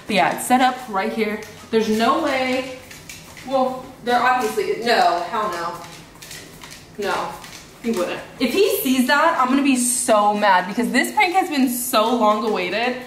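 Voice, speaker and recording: A young woman vlogging at home, chatting to the viewers in a lively, direct way. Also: fairly high pitch, measured pace, slight background noise. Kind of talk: casual vlog chat to camera. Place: home, indoors. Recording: echoey room with faint music.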